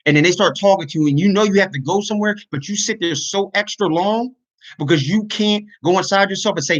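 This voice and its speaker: A man's voice: sits high, fast talker, lo-fi sound. A man talking earnestly to his online community in a casual livestream, venting his frustrations. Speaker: YouTuber and podcaster.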